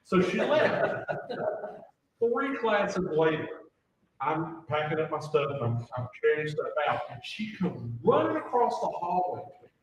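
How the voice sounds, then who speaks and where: A man, speaking as a convention panelist. He tells stories in a lively, rambling way with plenty of fillers. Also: a little high, measured pace. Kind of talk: casual panel storytelling. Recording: echoey convention room, distant mic, faint noise.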